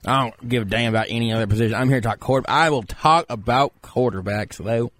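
A man's voice: medium pitch, fast talker, a bit bright, natural voice. A male radio host playing a pompous, boastful guest who calls himself a draft expert, talking in rambling, self-important bursts on a studio mic. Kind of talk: comedic radio bit as a fake draft expert.

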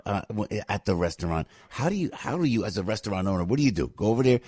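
A man's voice: lowish voice, lively intonation, fast, a little mellow, husky, no room sound, studio quality. A man hosting a radio show, chatting casually and laughing often. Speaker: radio host. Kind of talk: casual chat.

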